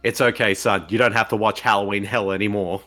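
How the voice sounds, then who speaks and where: A man's voice: on the low side, fairly even intonation, brisk, sharp tone, soft background music. A man co-hosting a casual movie podcast, jokey and laughing often. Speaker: podcast co-host.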